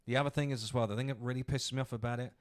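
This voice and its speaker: A man's voice: mid-range voice, steady tone, rapid-fire. Blunt, sweary man ranting about movies. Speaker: co-host of a movie news livestream. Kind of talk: casual chat.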